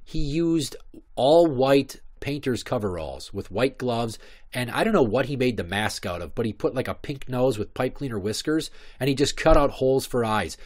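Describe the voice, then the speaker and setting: A man's voice: medium pitch, expressive, normal speed, a little mellow. A man in his thirties hosting a podcast, telling stories in a rambling, profane comic monologue. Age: 30s. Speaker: podcast host.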